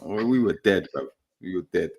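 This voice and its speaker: A man's voice: sits low, animated, moderate pace, darkish tone. A young man hosting a casual football podcast, telling stories in a laid-back, laughing way. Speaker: podcast host. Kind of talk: casual football chat and storytelling.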